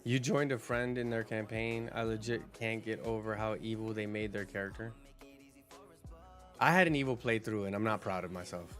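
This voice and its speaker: A man's voice: fairly low pitch, normal speed, soft background music. A man streaming a game, chatting casually and rambling to his viewers. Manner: relaxed, rambling, with restarts and fillers.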